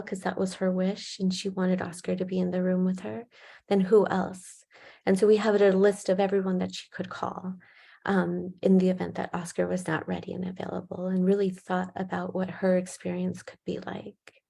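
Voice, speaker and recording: Woman, gravelly, flat delivery, calm measured case presenter. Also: mid-range voice. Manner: calm, measured storytelling with soft fillers. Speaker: perinatal mental health clinician.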